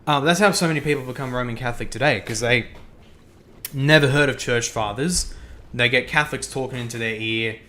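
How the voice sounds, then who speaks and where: A man's voice: medium pitch, a little fast, bright, forceful tone. A young man hosting a livestream who chats casually while gaming, thinking aloud, repeating himself and reacting to the game and chat. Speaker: livestream host.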